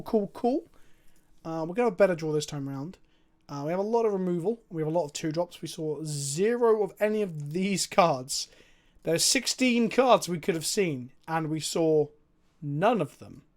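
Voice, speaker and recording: Chatting with his viewers while streaming a card game, this young man talks through each play with lively, profane self-mockery. His voice sits high.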